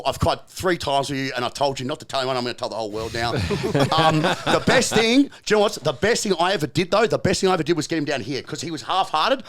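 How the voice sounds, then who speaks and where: A man with a slightly high, fairly bright voice and an Australian accent tells stories as a podcast guest in an easygoing chat. His storytelling is profane and emphatic, full of swearing, rapid bursts, repeated phrases, and emphatic restarts.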